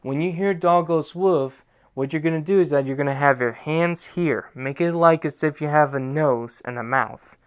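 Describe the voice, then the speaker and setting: A young man with a fairly high, clean-toned voice hosts a dance tutorial, giving step-by-step instructions. He counts out the moves slowly and checks in with "okay?" after each one.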